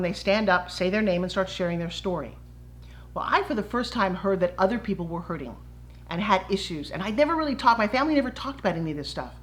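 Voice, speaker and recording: A middle-aged woman, a fitness entrepreneur, telling her personal story to camera in a lively way and acting out the quoted voices. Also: medium pitch. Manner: animated, acts out quoted voices.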